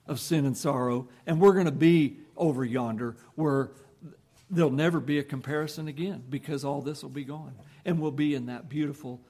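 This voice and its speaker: A man's voice: on the high side, darkish tone, breathy edge. A man preaching a folksy, conversational sermon to his congregation.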